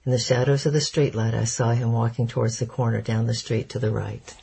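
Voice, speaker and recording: A man narrating a chapter of an audiobook in a steady, measured storytelling manner. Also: mid-range voice, vocal fry, slightly rough. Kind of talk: scripted narration.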